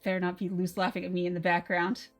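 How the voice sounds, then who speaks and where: Lady reading her own fantasy story on stream, soft n measured, faint music behind. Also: on the low side, monotone. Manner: soft, measured narration, laughs between passages.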